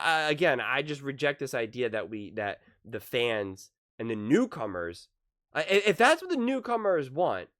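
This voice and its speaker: A man hosting his own sports commentary vlog, ranting with animated energy and acting out the fans he quotes. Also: medium pitch, no echo, studio quality. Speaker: sports commentary channel host.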